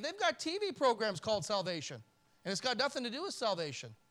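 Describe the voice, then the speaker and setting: A male pastor with a notably high voice delivers a church sermon. He swings between forceful, raised emphasis and hushed, almost whispered pleading, giving the preaching a dramatic push and pull. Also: very animated, fast. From Canada.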